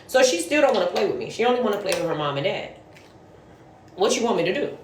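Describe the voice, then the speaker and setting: A woman's voice: medium pitch, very animated, quick pace, background noise. A woman telling a casual story about her work as a nanny, blunt and profane, sounding exasperated. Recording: roomy echo.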